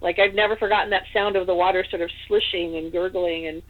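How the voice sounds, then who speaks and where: A woman's voice: lowish voice, steady tone, quick pace. A woman from Northern California telling a story as a podcast guest, chatty and rambling, with lots of "like" and "you know.". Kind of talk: casual storytelling in an interview. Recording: tinny phone-line audio.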